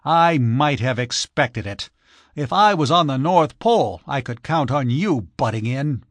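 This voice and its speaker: A man voicing an irritable older millionaire who blusters loudly and contemptuously. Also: mid-range voice, animated, unhurried, no room sound. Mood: scornful.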